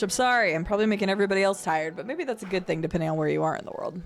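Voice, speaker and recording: A woman's voice: mid-range voice, expressive, rapid-fire, few pauses. A woman streamer giving casual, playful commentary while she plays a video game, chatting to viewers and humming sing-song filler noises. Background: game music.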